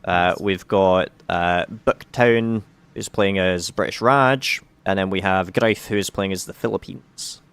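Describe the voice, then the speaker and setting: A man's voice: sits low, measured pace, a bit bright, smooth. Hesitant man hosting a game stream. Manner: hesitant, many fillers and restarts. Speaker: game community specialist hosting a live stream. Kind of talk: casual live-stream chat.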